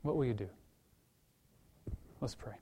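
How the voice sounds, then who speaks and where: Male pastor, conversational sermon delivery, lively storytelling with acted-out voices, restarts mid-phrase. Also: medium pitch, measured pace, a little hiss or hum. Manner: animated storytelling, acts out quoted voices; conversational, repeats words as he restarts.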